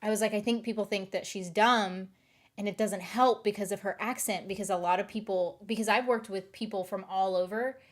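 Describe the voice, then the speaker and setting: A woman in her late twenties, speaking with a light Southern US accent, chats casually as a streamer. Her voice is medium-pitched and steady, a little fast, and her talk rambles hesitantly with lots of fillers.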